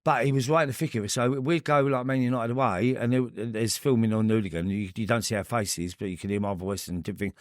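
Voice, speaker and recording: A middle-aged man speaks with a Cockney accent in a low voice that sits close and dry on a studio mic. He tells stories in a casual interview, stumbling over his words and starting sentences again. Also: dry recording. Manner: rambling, halting, with many restarts. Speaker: podcast guest.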